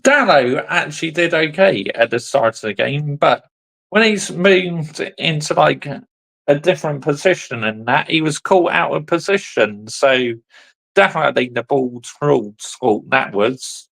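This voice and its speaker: A football channel host reacts to a fan's video, laid-back and chatty, answering the clip in short asides. His voice is a little high, gravelly and a bit bright, animated but measured in pace, and the recording is rough.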